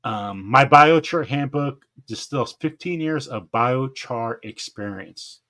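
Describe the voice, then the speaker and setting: A man with a mid-range voice hosts a casual gardening live stream. He talks in an excitable, rambling way, laughing often and stumbling over names. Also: mid-range voice, slow pace.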